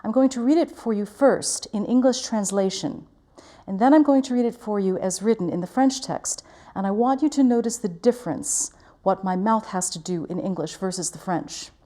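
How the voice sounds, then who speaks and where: Woman voice teacher, warm mellow tone, careful precise articulation. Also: mid-range voice, normal speed. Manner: clear, careful articulation, demonstrating vowels. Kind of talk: diction lesson.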